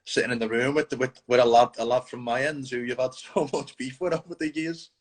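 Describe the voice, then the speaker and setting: A man's voice: medium pitch, fairly even intonation, a little fast, low-quality recording. A man interviewing a fighter, asking long, friendly questions with frequent restarts. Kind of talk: casual interview.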